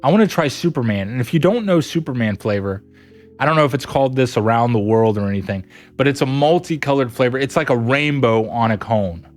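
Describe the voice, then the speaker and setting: Man streaming, casual chat, giggly and animated, faint music behind. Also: medium pitch, a little fast. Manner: giggly, laughs a lot, animated. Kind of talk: casual chat reading viewer messages.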